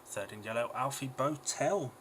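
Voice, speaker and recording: A young man with a bright, forceful voice talks through a speedway race with blunt, emphatic opinions. He banters quickly with his co-host. A faint hum sits behind him. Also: medium pitch. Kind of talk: speedway watch-along chat.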